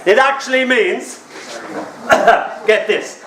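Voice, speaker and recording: A man's voice: high voice, expressive, takes it slowly, fairly bright tone. A man in his fifties with an Irish accent, telling comic stories and teasing his audience in a wry, chatty way. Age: 50s. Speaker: storyteller. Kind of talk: live comic storytelling. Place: bar. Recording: roomy sound from a distant mic.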